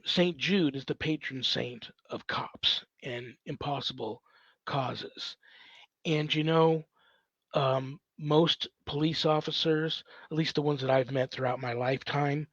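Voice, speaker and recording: At home on his own show, a priest answers viewer questions in a casual livestream Q&A. His medium-pitched voice has a breathy edge, and the audio is dull with no room sound. He rambles, thinks aloud, and leans heavily on fillers.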